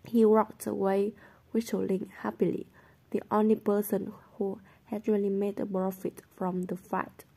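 A woman reading a novel aloud in a steady, unhurried way. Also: mid-range voice, gravelly, husky. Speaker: audiobook reader.

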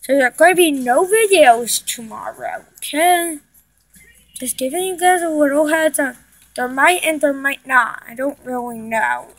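A woman giving excitable gameplay commentary to her viewers, often breaking into panicked shrieks. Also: sits high, normal speed, no echo. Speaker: gaming video creator.

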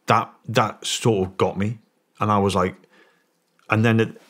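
A man's voice: on the low side, measured pace, husky. A middle-aged British man, a former soldier guest on a podcast, telling a story and acting out the voices of people in it. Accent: British English. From England. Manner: animated storyteller, acts out quoted voices. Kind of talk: storytelling in an interview.

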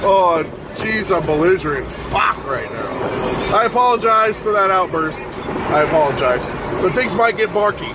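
A man chatting casually in a vlog from his car, swearing, barking and yelling out loud, then apologizing for his outbursts. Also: sits high, big pitch swings, a little slow, loud music behind the voice. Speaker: vlogger.

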